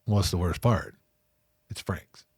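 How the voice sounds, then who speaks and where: A man telling a hard personal story in a candid interview, animated, acting out the voices of people he quotes and often asking "right?". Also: low-pitched, takes it slowly, breathy edge, dry recording. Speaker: interview guest.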